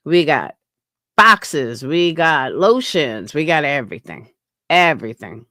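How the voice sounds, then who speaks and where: A woman's voice: sits low, very animated, unhurried, bright, forceful tone, dry recording, studio quality. A woman hosting a casual livestream, talking bluntly with frequent swearing and answering her chat. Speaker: livestream host.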